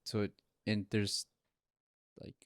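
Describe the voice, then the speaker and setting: Male podcast co-host, casual reviewer, energetic filler-heavy delivery, dead dry sound. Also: takes it slowly, dry recording. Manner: animated, many "like"s, acts out quotes. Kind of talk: casual movie review chat.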